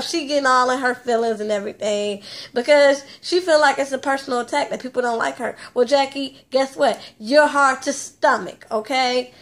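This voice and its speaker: A woman with a high voice recaps a reality show in a loose, casual way. She is chatty and blunt and swears freely. She talks straight at her audience. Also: a bit bright. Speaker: TV recap host.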